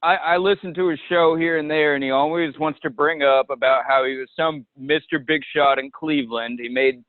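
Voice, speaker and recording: A man's voice: on the high side, steady tone, fairly quick, no echo. A man phoning in to a podcast, bluntly airing gossip about someone. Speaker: caller. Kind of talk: call-in complaint. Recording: dry tinny phone line.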